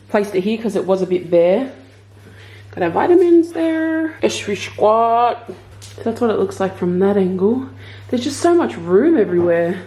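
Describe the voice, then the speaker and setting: A woman's voice: medium pitch, warm tone. A young woman talking casually in a home vlog, chatty and teasing. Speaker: vlogger.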